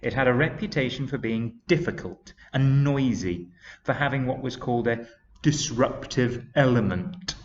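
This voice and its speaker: A man reading a children's story aloud to young pupils, slow and expressive, on a dull lo-fi recording. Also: medium pitch. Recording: dull lo-fi sound.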